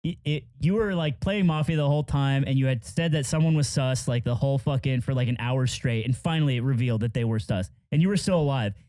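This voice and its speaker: A man's voice: medium pitch, fast talker, few pauses, mellow, no room sound. A man in his thirties chatting with friends, telling stories in a rambling way with many fillers. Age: 30s. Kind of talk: casual chat among friends.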